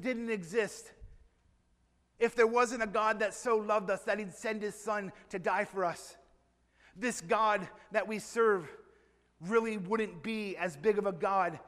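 A man preaching a sermon to a church congregation, telling a story with slow, emphatic phrases. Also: sits high, fairly bright tone, long reverb tail.

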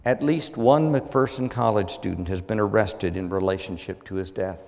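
A man preaching a sermon as pastor, measured and earnest, his phrases falling at the ends. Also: lowish voice, a little mellow, in a large hall.

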